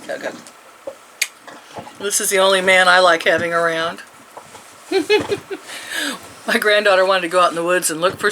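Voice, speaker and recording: Bright-voiced woman in her sixties rambling. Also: mid-range voice, slight background noise, poor audio. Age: 60s. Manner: rambling, chuckling often. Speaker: vlogger. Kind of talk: casual chat.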